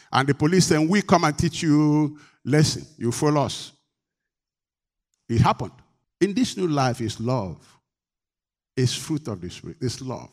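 A little mellow in tone, a pastor preaches with emphasis, calling out questions for the congregation to answer and surging now and then in pitch and volume.

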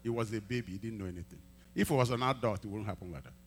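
A male pastor preaching a sermon, telling a testimony and acting out the dialogue, swinging from quiet asides to loud emphatic peaks. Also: on the low side, rapid-fire, a little hiss or hum. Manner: acts out quoted dialogue in storytelling.

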